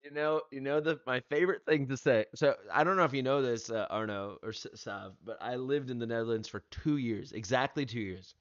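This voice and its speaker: A man's voice: medium pitch, a little fast, few pauses, no echo. Rambling New man on a dull dry mic. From United States. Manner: rambling storyteller, restarts often. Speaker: streamer host. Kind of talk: casual chat.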